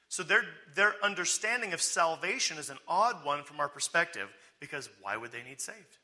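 A man's voice: a little high, expressive, a little fast, hardly any pauses, sharp tone. A man teaching through a Bible passage in a conversational way, often checking in with "okay?" and acting out the people he quotes with sarcastic humor. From United States. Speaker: preacher.

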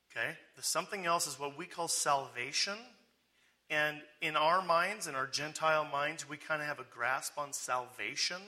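This preacher from the United States has a sharp, high-leaning voice. Working through a Bible passage in a conversational style, he often asks "okay?" and performs the people he quotes with sarcastic humor.

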